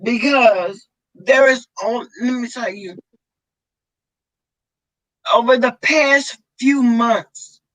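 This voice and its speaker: A woman vlogger, talking slowly and tearfully in an emotional livestream chat with a co-host. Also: fairly high pitch, fairly bright tone, poor audio. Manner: tearful, effusive, slow heartfelt talk.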